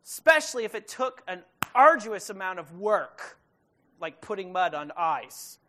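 A woman preaching a sermon, retelling a story in a casual, conversational way with quick asides to the listeners. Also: mid-range voice, big pitch swings, fairly bright tone, a little hiss or hum.

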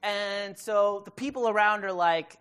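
A woman preaching a sermon, retelling a story in a casual, conversational way with quick asides to the listeners. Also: mid-range voice, clear, resonant tone.

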